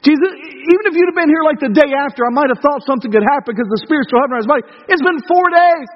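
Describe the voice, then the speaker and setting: Grieving woman, pleading and anxious, a male preacher puts her on, high-pitched, echoey hall sound. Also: very fast, dull audio.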